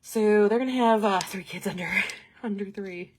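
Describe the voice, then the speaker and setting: A young woman hosting a livestream, chatting casually and telling an animated story, laughing often along the way. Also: medium pitch, normal speed, a little hiss or hum. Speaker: host.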